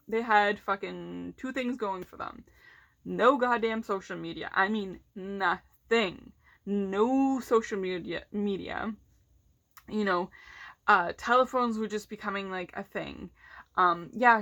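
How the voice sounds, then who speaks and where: A woman's voice: medium pitch, gravelly, a bit bright. A woman vlogger ranting casually and bluntly, swearing heavily and sounding frustrated.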